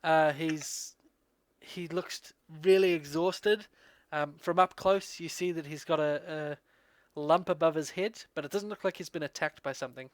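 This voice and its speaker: A man narrates a tabletop game as dungeon master in a relaxed, unhurried way. His voice sits a bit high, and the sound is dry and close to the mic. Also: no room sound. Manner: relaxed, laughing, hesitant narration.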